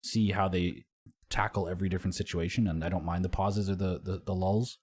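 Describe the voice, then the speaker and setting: Lowish voiced young guy rambling about games on a podcast, chill, swears a lot. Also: a little fast, husky. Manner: relaxed and rambling, swears often, laughs along. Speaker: podcast co-host. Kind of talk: casual gaming chat.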